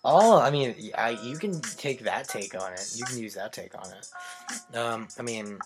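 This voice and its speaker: A man's voice: medium pitch, moderate pace, over music. A teenage boy hosting a casual group chat, rambling with lots of "like" fillers and frequent laughs. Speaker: host.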